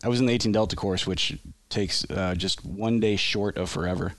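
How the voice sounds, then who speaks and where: A podcast guest who served in the army tells a lengthy, rambling story from his service, with frequent laughter and casual self-interrupting restarts. His fairly low voice holds a steady tone at a slightly fast pace, and the recording has no room sound.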